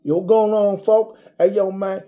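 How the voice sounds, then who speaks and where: A man putting on the voice of a loud, swaggering grown man ranting on the street, brash and slangy. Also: high voice, little pitch movement, a little slow, pitched above the performer's own voice. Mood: rowdy.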